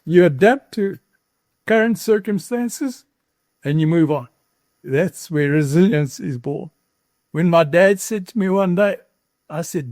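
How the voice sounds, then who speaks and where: A man's voice: high voice, expressive, unhurried, long pauses, a little mellow, no echo, clean studio sound. A man in his sixties with a South African accent, a farmer telling his story earnestly in an interview, with the odd repeated word and a catch of emotion. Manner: earnest, emotional, repeats words when moved. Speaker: farmer guest.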